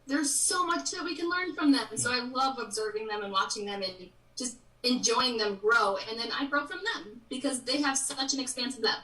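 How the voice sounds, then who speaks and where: Outspoken woman guest, thirties, bright tone, off-mic and roomy. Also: a little high, moderate pace, hardly any pauses, far from the mic. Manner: frank, opinionated. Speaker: interview guest. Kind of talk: casual live-stream interview.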